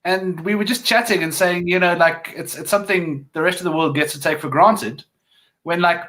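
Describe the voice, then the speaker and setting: Brief: male co-host, dry wit, crisp bright tone. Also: sits high, moderate pace, poor audio. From Pretoria, South Africa. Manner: dry, wry storyteller. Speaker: guest co-host. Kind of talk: casual comedic chat.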